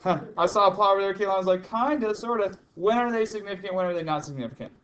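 A man's voice: sits high, very fast, a bit bright, muffled recording. A male chemistry teacher lecturing a class, chatty and teasing, repeating the key points. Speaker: high school chemistry teacher.

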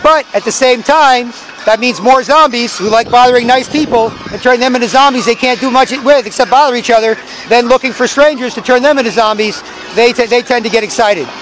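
A man's voice: very high voice, a little fast, a bit bright, low-quality recording. A man giving a rambling, profane, preachy monologue outdoors on city streets. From Canada. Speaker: street vlogger. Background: faint traffic.

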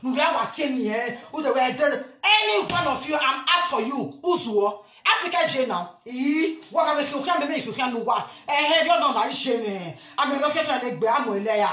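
A Nigerian woman giving an impassioned, emphatic rant to camera as a spiritual vlogger, often bursting into shouts. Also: high voice, lively intonation, moderate pace, few pauses, echoey room.

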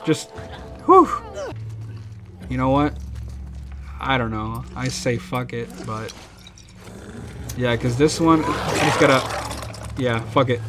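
A man giving casual gameplay commentary, panicking, swearing and repeating himself in quick bursts. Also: mid-range voice. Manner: panicky, swears a lot, repeats words rapidly. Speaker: let's play gamer. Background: loud game music.

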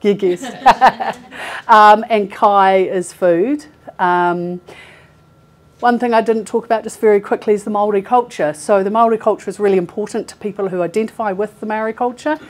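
A woman's voice: medium pitch, moderate pace. Chatty woman presenting to an audience. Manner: chatty, laughs often, many fillers. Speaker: healthcare recruiter presenting. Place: meeting room with a live audience.

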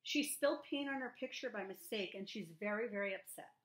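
Bright-voiced teacher of young children. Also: female voice, mid-range voice, roomy sound. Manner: slow, sing-song phonics teaching with repeated words. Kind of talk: remote lesson for young children.

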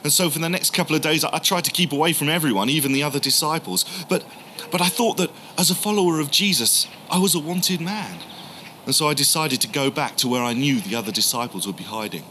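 A man telling the story in the first person as a grieving, doubting male disciple, halting and emotional, repeating words. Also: fairly high pitch, sharp tone, a little hiss or hum. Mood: bitter.

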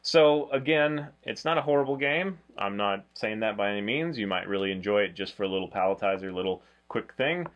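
A man hosting a casual board game review, talking in a flat, low-key way. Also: fairly quick, few pauses, dull audio. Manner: low-key, flat delivery, self-described monotone.

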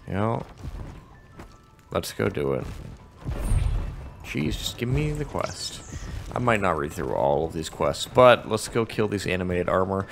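A man talks through his gameplay in a loose, rambling way. His voice sits low, and a faint music bed plays behind him. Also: sing-song, measured pace, gravelly, pauses often. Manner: casual and rambling. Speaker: gamer. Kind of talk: let's-play commentary.

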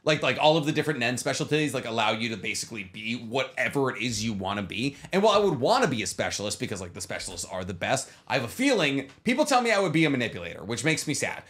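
A man co-hosting a podcast in casual chat, talking in an animated way, swearing now and then and filling with "like". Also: mid-range voice, quick pace, hardly any pauses. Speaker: podcast co-host.

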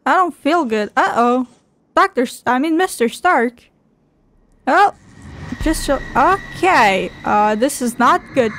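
This streamer's voice is high, expressive and fairly bright, and she takes it slowly in a dry recording. She reads the game's dialogue aloud for her let's play, swearing, giggling, and tossing in sassy comments.

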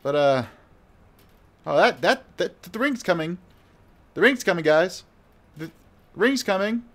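A man's voice: sits high, expressive, a little slow, a bit bright. A man giving live gameplay commentary in a rambling, flustered, self-mocking way. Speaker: gamer.

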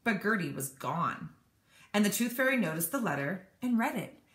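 A woman teacher reading a children's storybook aloud, animated and expressive. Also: mid-range voice, normal speed. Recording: echoey room.

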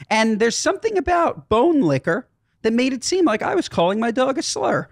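A man co-hosting a podcast in casual chat, musing out loud and acting out little asides. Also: very high-pitched, sing-song, moderate pace, no room sound, studio quality. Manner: musing, talks things through with restarts and little acted asides. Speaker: podcast co-host.

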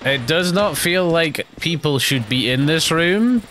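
A young man giving rambling, casual commentary while playing a video game, often jumpy and quick to laugh. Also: fairly high pitch, expressive, background noise. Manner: rambling, jumpy, breaks into panicked yelps and laughs. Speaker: let's play gamer.

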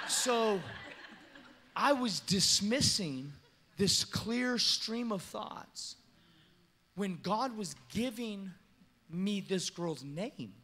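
A pastor preaching a story-driven sermon in a church, lively and animated, acting out the people he quotes and laughing as he goes. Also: high voice. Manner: animated, acts out quoted voices, laughs often. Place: church sanctuary.

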